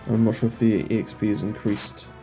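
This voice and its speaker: A man's voice: fairly low pitch, flat delivery, fairly quick. A young man casually commenting on the game he plays, rambling and joking at himself. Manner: rambling, self-deprecating, joking at the screen. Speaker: let's play host. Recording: faint game music behind.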